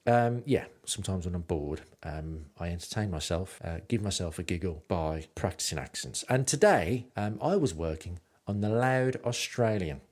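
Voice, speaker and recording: A man's voice: deep voice, animated, normal speed, few pauses, a little mellow. A man narrating his travel stories in a rambling, self-mocking way with lots of ums. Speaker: podcast host and narrator.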